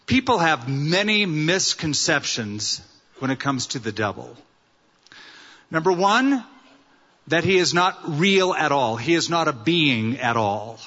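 Bright-voiced preacher in a hall. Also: male voice, fairly high pitch. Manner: earnest, story-telling, rhetorical questions. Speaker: pastor. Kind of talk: sermon. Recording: dull sound with long hall reverb.

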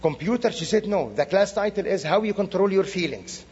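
A high-voiced man from the Middle East delivers a sermon, telling stories with animated, acted-out dialogue. His voice is slightly husky and rings with the long reverb of a church hall. The recording itself sounds dull and lo-fi. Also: a little fast. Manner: animated storytelling with quoted dialogue. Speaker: guest speaker. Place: church sanctuary.

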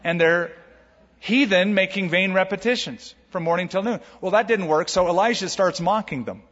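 A male pastor giving a sermon in an animated, emphatic and humorous way. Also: sits high, moderate pace. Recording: lo-fi with long hall reverb.

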